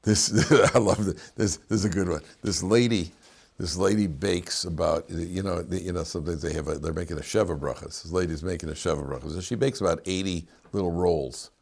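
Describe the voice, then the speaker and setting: Delivering a lecture on the week's Torah portion, a rabbi speaks in a low, gravelly, husky voice at a brisk pace. He tells homely stories with humor, chuckling as he goes and weaving Hebrew words into English.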